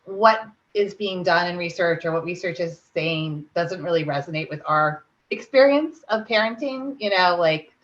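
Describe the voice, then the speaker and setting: A woman's voice: on the low side, normal speed, hardly any pauses. Curious woman host, slightly dull audio. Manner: curious, asking questions. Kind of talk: conversational podcast interview.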